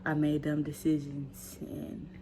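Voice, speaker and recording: A young woman vlogger telling a story casually, animated and acting out the dialogue. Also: low voice, slow, noisy background.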